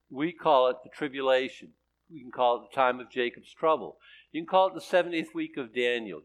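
A man's voice: medium pitch, fairly bright tone. A male pastor preaching conversationally. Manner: conversational and sarcastic, with jokes and laughs. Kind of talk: sermon.

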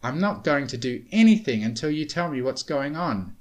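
Casting note: a man playing a bookish young mare princess, frazzled and high-strung, storybook reading. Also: lively intonation, moderate pace, close to an everyday voice. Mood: stern. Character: flustered young female unicorn princess, bookish.

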